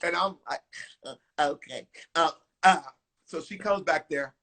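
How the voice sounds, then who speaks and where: A man from Houston, a singer, telling a lively story in an interview, acting out what people said and breaking into song. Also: a little high, a little slow. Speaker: guest singer.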